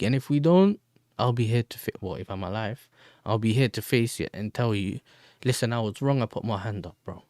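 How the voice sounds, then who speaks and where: A man's voice: on the low side, animated, a little fast, a little mellow, dry recording, studio quality. A man hosting a football fan livestream, bantering in slang and answering chat messages. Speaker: football fan channel host.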